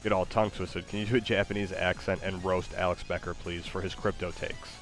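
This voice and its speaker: A man with a fairly low voice hosting a casual stream. He talks hesitantly, full of ums and restarts, often getting tongue-tied. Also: little pitch movement, fairly quick, fairly bright tone, soft background music. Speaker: streamer host. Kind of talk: casual chat.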